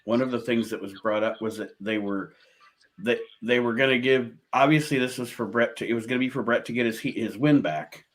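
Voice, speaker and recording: A man's voice: medium pitch, brisk. A man co-hosting a casual chat, starting and restarting his points, often laughing. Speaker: podcast co-host.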